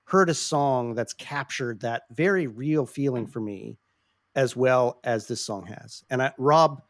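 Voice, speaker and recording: A podcast host with a medium-pitched, slightly slow voice talks earnestly and passionately in a casual discussion, swearing frequently. He keeps restarting sentences as he hunts for words, and the recording is dry.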